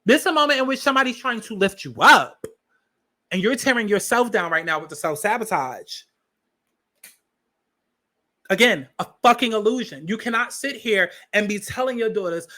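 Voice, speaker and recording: A man's voice: high voice, normal speed, sharp tone. A man hosting a podcast, ranting heatedly, swearing a lot and repeating lines for emphasis. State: agitated. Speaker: podcast host.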